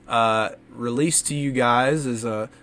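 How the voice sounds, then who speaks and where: A man's voice: medium pitch, slow, a bit bright, soft background music. A man co-hosting a casual podcast, laid-back and agreeable. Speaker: podcast co-host.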